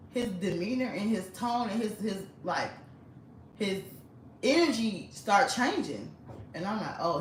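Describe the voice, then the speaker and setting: A young woman telling a story in a casual storytime monologue. She talks in an animated way, laughs often and acts out the voices of the people in her story. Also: fairly low pitch, a little hiss or hum. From United States. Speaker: storyteller host. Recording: roomy, mic at a distance.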